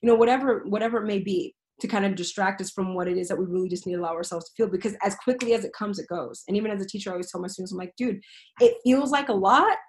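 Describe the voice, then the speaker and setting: A woman's voice: mid-range voice, fairly even intonation, rapid-fire, few pauses, darkish tone, rough recording. Frank, earnest woman talking casually. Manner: earnest and frank, swears freely, laughs easily. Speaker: teacher, podcast guest. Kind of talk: casual, candid interview talk.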